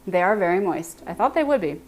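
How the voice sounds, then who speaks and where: A woman's voice: lowish voice, sing-song, brisk, a little hiss or hum. A woman with a Texan accent hosting a casual baking livestream, chatting and thinking aloud as she greets her viewers by name in her home kitchen.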